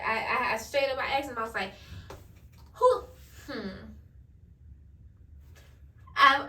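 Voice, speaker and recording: A woman's voice: high voice, sharp tone, recorded from a distance. A young woman vlogger, telling a candid storytime full of slang and swearing while she does her hair. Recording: echoey room, voice a bit off-mic.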